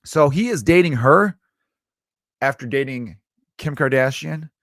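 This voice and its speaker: A male comedian and podcast host from the Chicago area, riffing through a crude, rambling comedic monologue with quick asides. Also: mid-range voice, animated, a bit bright, no room sound, clean studio sound. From Chicago area, United States.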